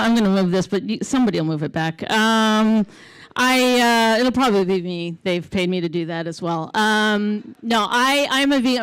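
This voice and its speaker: A Canadian woman doing a stand-up comedy set on stage, deadpan and chatty with the crowd. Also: medium pitch, smooth, dry recording, low-quality recording. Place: theater stage before a live audience.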